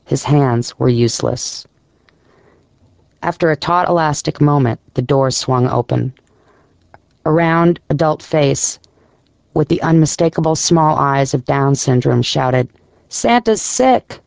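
Male audiobook narrator, gravelly, dry close read, measured. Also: mid-range voice, no room sound.

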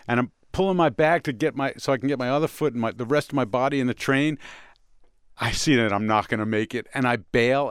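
A man hosting a radio show, telling an animated anecdote in casual chat with quick restarts. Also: medium pitch, clear, resonant tone, no room sound, clean studio sound.

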